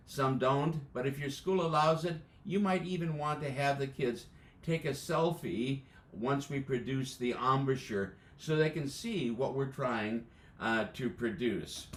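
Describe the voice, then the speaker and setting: A man's voice: medium pitch, slow pace. An American man teaching beginning band embouchure over a live video call, explaining step by step with plenty of "uh"s. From United States. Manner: methodical, explaining step by step with frequent fillers. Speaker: band music educator. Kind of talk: instructional demonstration. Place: indoors, joining live by video. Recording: echoey room.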